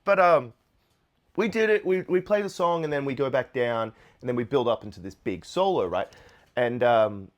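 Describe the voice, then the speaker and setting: In Nashville, a laid-back man tells a guitar story casually to the camera, relaxed and rambling with frequent fillers. His voice is medium-pitched at a normal speed, with guitar playing in the background.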